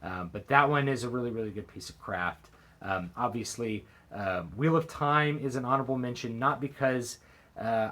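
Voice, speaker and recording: A man's voice: mid-range voice, a bit bright. A man talking casually to camera as an author and book vlogger, hesitant, with frequent fillers and restarts. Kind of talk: casual book-recommendation vlog.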